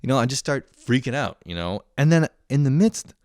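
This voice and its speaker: A man's voice: mid-range voice, brisk, no room sound, clean studio sound. A young man ranting comedically, swearing a lot and laughing often. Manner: profane, animated, laughs often. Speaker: host. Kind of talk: comedic monologue rant.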